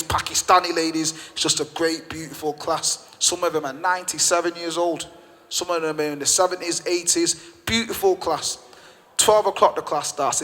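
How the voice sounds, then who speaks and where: A man, a gym owner, speaking to a live audience with animated, emotional storytelling and casual slang. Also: a little high. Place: event room with an audience. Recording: reverberant hall.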